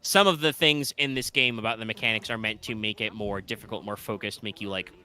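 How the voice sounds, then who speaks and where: A man's voice: on the low side, steady tone, brisk, bright, forceful tone, clean tone. A man co-hosting a live stream, talking through ideas in a rambling, analytical way. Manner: rambling, analytical, thinks aloud. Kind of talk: casual live-stream chat.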